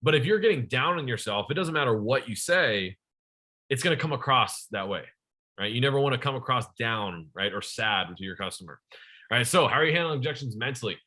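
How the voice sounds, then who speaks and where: A young man leads a sales training session with a bright, forceful voice. He talks to the room directly, firing questions at his listeners and keeping the energy up. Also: medium pitch, brisk. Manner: energetic, addresses the audience directly.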